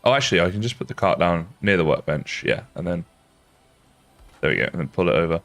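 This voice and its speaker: Chatty low-voiced streamer. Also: male voice, lively intonation, fast, a bit bright, faint music behind. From England. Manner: chatty, self-mocking, laughs often. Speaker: game streamer. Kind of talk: casual live-stream chat while gaming.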